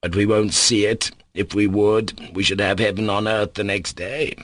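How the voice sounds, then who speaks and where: A man voicing a gentle, tender young man who is dying, speaking in soft, caressing words. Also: on the low side, fairly even intonation, moderate pace, lightly acted. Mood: tender, joyful.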